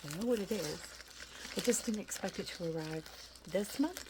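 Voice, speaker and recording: A woman's voice: lowish voice, brisk, background noise. A woman chatting eagerly at home in a casual reading diary, full of rambling asides. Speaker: book vlogger.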